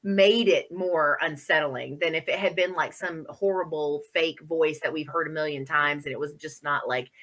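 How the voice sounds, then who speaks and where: A woman's voice: low voice, normal speed, hardly any pauses, fairly bright tone. A woman co-hosting a horror podcast, chatting casually about movies with many fillers and frequent laughs. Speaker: podcast co-host. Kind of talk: casual chat.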